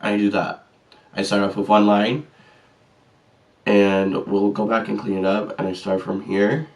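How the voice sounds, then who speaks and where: This vlogger's voice is on the low side, monotone and a little mellow, and he takes his time as he talks through a makeup tutorial. Far from the mic, he stays chatty and sassy, laughing at his own mistakes.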